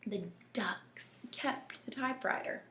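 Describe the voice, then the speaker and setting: Slow whispery woman reading a picture book. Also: a little high. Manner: slow and gentle, often dropping to a whisper. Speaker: storybook reader. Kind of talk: children's picture book read-aloud. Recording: echoey room with faint noise.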